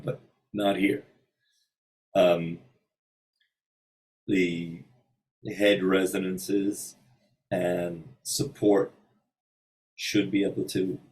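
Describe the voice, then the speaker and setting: A man giving an informal singing lesson in a hotel room, thinking aloud with many pauses and breaking into short sung examples. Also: fairly low pitch, darkish tone, distant mic, rough recording. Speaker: voice teacher.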